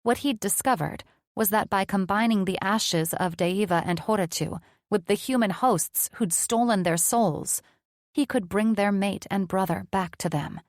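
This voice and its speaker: A woman narrating a fantasy romance audiobook in a measured, even reading. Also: mid-range voice, no room sound, studio quality. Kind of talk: scripted narration.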